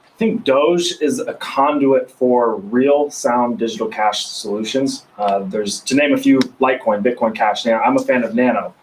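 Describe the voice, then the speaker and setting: A man taking part in a casual roundtable as a guest, explaining points in a measured way. His voice is mid-pitched, with a faint hum in the background. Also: rough recording. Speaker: guest panelist.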